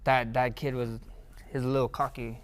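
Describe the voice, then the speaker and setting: Excitable man telling stories. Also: medium pitch, moderate pace. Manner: rambling, repeats words, grows excited and loud. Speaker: interview guest, fighter. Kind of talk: casual storytelling interview.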